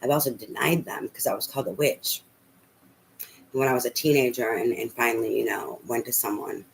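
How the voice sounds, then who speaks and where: A woman's voice: rumbling low, fairly even intonation, brisk, creaky, a little hiss or hum, low-quality recording. A middle-aged woman telling a rambling personal story as a tarot reader, full of fillers and casual swearing.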